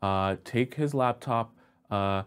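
A man voicing a calm, stern male boss coldly giving orders to have an employee removed. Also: medium pitch, slow, clear, resonant tone, voice pushed down, lightly acted. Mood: cold command.

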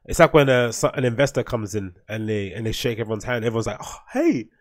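A man's voice: fairly low pitch, fast. A man hosting a solo podcast, rambling and swearing as he comments on videos. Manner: rambling, swearing, laughing often. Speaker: podcast host.

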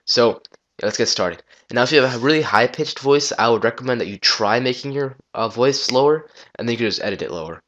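A man talking through a casual software tutorial on a gaming headset, rambling loosely and swearing now and then. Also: medium pitch, quick pace, lo-fi sound. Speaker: tutorial maker.

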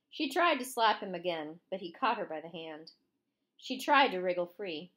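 A woman narrating a chapter of a novel aloud, expressive storytelling reading. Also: on the low side, unhurried. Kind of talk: audiobook reading.

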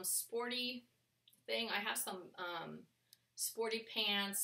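A woman's voice: fairly low pitch, sharp tone. A woman casually chatting through a clothing haul for her resale vlog, rambling along with plenty of fillers. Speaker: clothing reseller showing a thrift haul. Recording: echoey room, mic at a distance.

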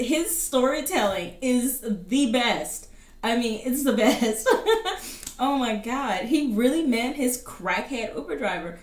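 A woman's voice: mid-range voice, reverberant. A woman hosting a reaction video, chatting casually to camera, exclaiming often and laughing a lot. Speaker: reaction channel host.

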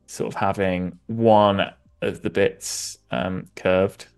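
A man's voice: low-pitched, little pitch movement, takes it slowly, creaky, a little mellow, clear, resonant tone, faint music behind. A man from southwest England with a West Country accent, a designer and comedian chatting playfully and self-mockingly while demonstrating design on a live stream. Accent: West Country English.

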